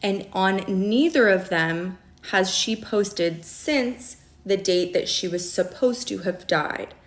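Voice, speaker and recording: This young woman tells a personal story for a video clip, storytime-style and casual, stressing her points and frequently checking in with "okay?" as well as saying "like" a lot. She speaks slowly in a medium-pitched voice.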